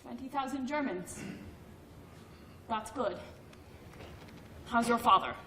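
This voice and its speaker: A woman's voice: a little high, expressive, slow, fairly bright tone, full character voice. Stern old grandmother. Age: older. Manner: blunt and clipped. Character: stern, cold old grandmother who runs a store. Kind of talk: film drama acting. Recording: roomy, distant film sound, faint noise.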